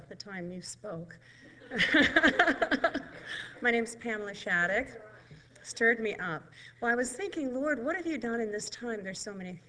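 Bright-voiced woman giving hesitant testimony. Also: fairly low pitch. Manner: hesitant, with fillers. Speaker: church member giving testimony. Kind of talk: personal testimony.

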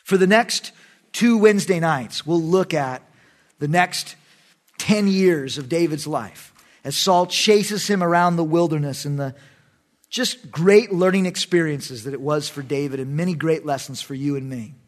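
A man's voice: a little high, unhurried. A man pastor reading scripture dramatically and teaching, with joking asides. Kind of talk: Bible study teaching.

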